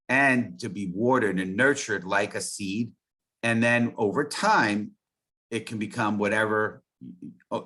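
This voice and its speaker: A man's voice: fairly low pitch, pushed and bright. Earnest rambling man. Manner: earnest, rambling, many restarts. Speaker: guest. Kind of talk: casual interview chat.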